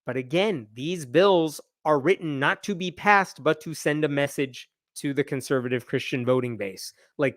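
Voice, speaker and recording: A man's voice: on the high side, normal speed, hardly any pauses, fairly bright tone, dry recording, clean studio sound. A man hosting a live news roundup, giving wry, exasperated commentary and reading passages aloud.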